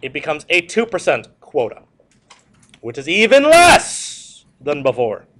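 Animated, high-voiced male history teacher. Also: unhurried, a little hiss or hum. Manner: repetitive, animated, joking asides to students. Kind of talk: classroom lecture.

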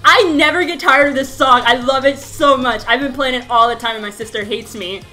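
A woman's voice: high-pitched, fairly even intonation, a little fast, sharp tone, rough recording. A young woman vlogger reacting to a music performance, gushing and squealing with laughter. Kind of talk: excited reaction vlog.

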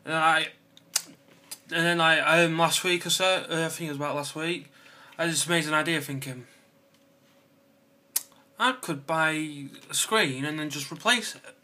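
A young man tells his viewers about his day in a rambling, excitable vlog. His voice sits a bit high and sounds bright and punchy. He giggles easily and fills pauses with ums and likes. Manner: excitable, giggly, lots of fillers and playful asides. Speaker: vlogger. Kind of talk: casual rambling vlog chat.

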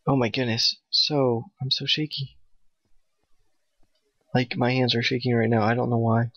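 A man giving nervous, excitable let's play commentary, talking to his in-game dog. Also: medium pitch, unhurried, dry recording. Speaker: gamer playing a Minecraft map. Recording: dull, dry home mic.

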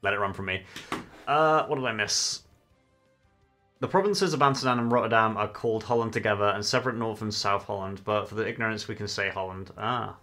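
This young streamer has a lower-pitched voice with a sharp tone and a fairly quick pace. Chatting loosely during his gaming livestream, he curses casually and sings along with music playing faintly in the background.

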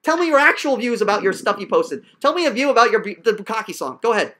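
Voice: mid-range voice, big pitch swings, fast talker, bright, forceful tone. A professor berating a student in a profane, sarcastic classroom rant.

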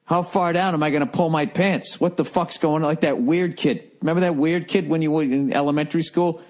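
A man's voice: a little high, fairly even intonation, a little fast. Profane rambling male podcast host. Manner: profane, wry, self-mocking storytelling. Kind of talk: casual rambling monologue.

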